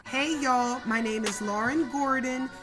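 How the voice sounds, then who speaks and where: A woman's voice: high-pitched, a little slow, music in the background. A woman hosting her own podcast, narrating a scripted story in a chatty way and calling her listeners "y'all". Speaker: podcast host.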